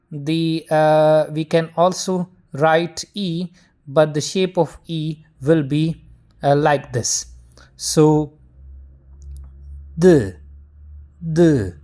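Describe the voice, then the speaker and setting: Male English pronunciation teacher, very slow delivery, repetitive, keeps checking "got it?". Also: on the high side, fairly even intonation, a little mellow. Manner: addresses viewers as "my dear students". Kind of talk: phonetics lesson.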